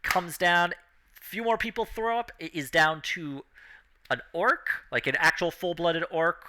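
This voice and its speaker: A man's voice: sits high, unhurried, noisy background. A man narrating a tabletop role-playing game as game master, laid back and full of fillers and chuckles.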